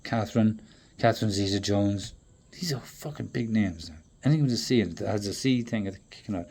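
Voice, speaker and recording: A man with a low, husky voice rambles through a stream-of-consciousness monologue, swearing freely. He jumps from loud bursts to quiet mutters, talking straight to whoever is watching. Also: lively intonation, brisk, few pauses.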